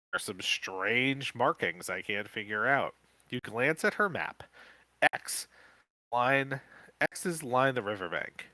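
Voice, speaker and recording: A man co-hosting a podcast, reading a gamebook aloud live in a casual way, with quick joking asides. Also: on the low side, pushed and bright, dry recording.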